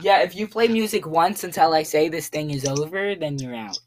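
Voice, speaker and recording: A woman's voice: sits low, normal speed, a little mellow, a little hiss or hum. A teenage girl co-hosting a comedy podcast, teasing and giggly in casual chat. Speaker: podcast co-host.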